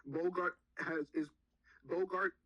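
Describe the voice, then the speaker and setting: A young man co-hosting a casual podcast, talking haltingly with lots of fillers and moving the chat along. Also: a little high, fairly even intonation, no room sound, muffled recording. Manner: halting, filler-heavy, steers topics. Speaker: podcast co-host.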